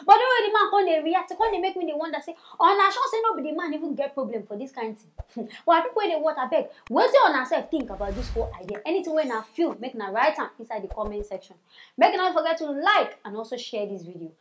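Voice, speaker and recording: A woman with a Nigerian accent hosting a comedy news show, giving mocking, animated commentary and addressing her viewers directly. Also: high-pitched, fast talker. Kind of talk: commentary in Pidgin.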